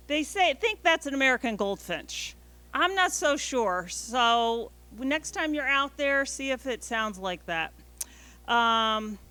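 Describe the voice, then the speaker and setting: Woman, family class presenter, enthusiastic, high bright voice. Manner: enthusiastic, coaxing the audience to repeat. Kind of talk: leading a family class in bird calls.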